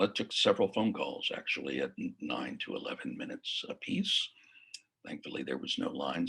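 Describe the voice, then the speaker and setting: Male mindfulness coach, husky and unhurried, casual teaching tone with soft whispered asides. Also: extremely low pitch. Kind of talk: casual spoken lesson.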